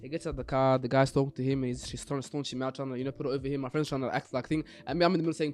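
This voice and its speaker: A man, a podcast co-host, chatting casually and telling an animated story with acted-out voices. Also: medium pitch, racing, hardly any pauses. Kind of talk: casual chat.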